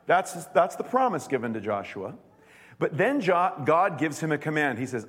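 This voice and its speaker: A man preaching a sermon as pastor, reading scripture and growing animated, rising to near-shouts on key words. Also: a little high, moderate pace, breathy edge. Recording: long hall reverb.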